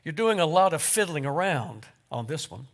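A man's voice: on the high side, sing-song, moderate pace, vocal fry. A man voicing a doubtful female angel who questions everything, within a story read aloud in a sermon. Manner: skeptical, questioning.

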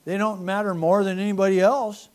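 A man preaching a sermon as pastor, animated and sarcastic, swinging from loud preaching to quiet asides. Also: high voice, fairly quick, clear, resonant tone. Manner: mocking, sarcastic humor.

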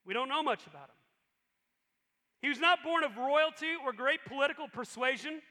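A male pastor preaching a sermon with animated emphasis. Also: very high-pitched, normal speed. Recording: long reverb in a large hall.

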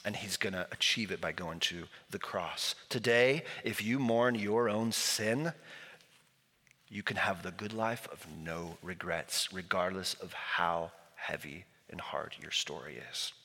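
Male pastor, conversational storyteller, bright tone, echoing church hall. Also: low-pitched, measured pace, slightly rough. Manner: conversational, storytelling with acted quotes. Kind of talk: sermon. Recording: long hall reverb.

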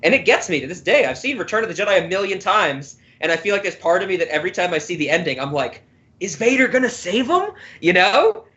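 A man co-hosting a casual podcast, easygoing and quick to agree with his partner. His voice is high for a man. The recording is dull and lo-fi, with the top end rolled off. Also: expressive, bright, forceful tone. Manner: agreeable, backchannels often, laughs easily. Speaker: podcast co-host.

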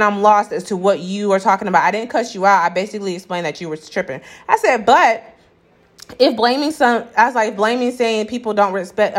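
A young woman telling a dating-app story to her viewers in a blunt, sassy, profane way, reading out the text messages as she goes. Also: medium pitch. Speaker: vlogger. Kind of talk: casual storytelling rant.

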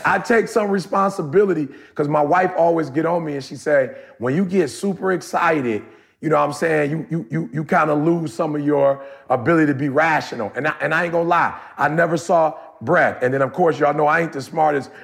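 A man with a fairly high, gravelly voice tells a story on a podcast. He is animated and colloquial, and he keeps turning to address his listeners directly. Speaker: podcast co-host. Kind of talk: casual storytelling chat.

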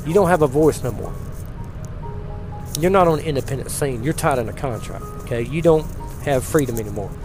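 A man voicing a stern, controlling male handler who scolds in low, hushed asides. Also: expressive, brisk, long pauses, music in the background, natural voice. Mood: stern, scolding.

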